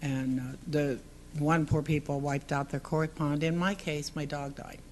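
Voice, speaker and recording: A woman's voice: low voice, steady tone, unhurried, a little mellow, a little hiss or hum. A woman giving public comment at a city council meeting, earnest and partly reading from prepared text.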